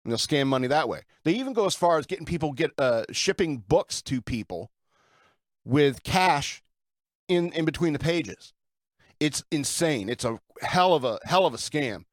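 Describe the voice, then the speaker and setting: A man's voice: fairly high pitch, lively intonation, normal speed, no echo, clean studio sound. A man hosting his own show, talking in an irreverent, rambling way with fillers and chuckles. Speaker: podcast host. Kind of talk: casual rambling monologue.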